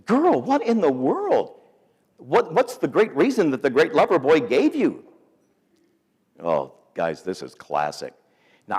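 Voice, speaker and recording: A man preaching at a school gathering, telling a comic story in a playful, animated way and acting out the people in it. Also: mid-range voice, breathy edge. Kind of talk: sermon told as a comic story. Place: school chapel or auditorium. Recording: echoey hall.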